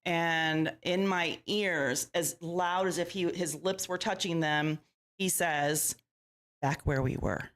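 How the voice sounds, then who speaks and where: Low-voiced woman telling a lively story. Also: takes it slowly. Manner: lively storyteller who acts out quoted lines. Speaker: paranormal investigator guest. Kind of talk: casual interview storytelling.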